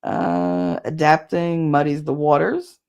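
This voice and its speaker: Low, gravelly-voiced woman livestreamer. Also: very animated, darkish tone. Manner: blunt, profane, quick to laugh. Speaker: livestream host. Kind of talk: casual livestream chat.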